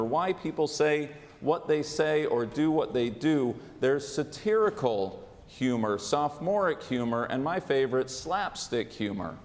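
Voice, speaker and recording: Wry male rabbi in a reverberant hall. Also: fairly high pitch. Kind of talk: sermon.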